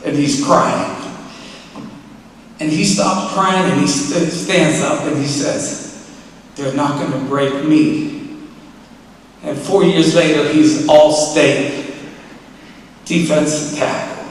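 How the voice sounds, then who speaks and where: A man giving an animated storytelling speech at an award ceremony, acting out the voices in his stories. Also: on the high side, takes it slowly, pauses often, a little hiss or hum. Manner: animated, acts out quoted voices. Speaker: award acceptance speaker. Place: large hall. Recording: echoey hall, mic from a distance, faint ambience.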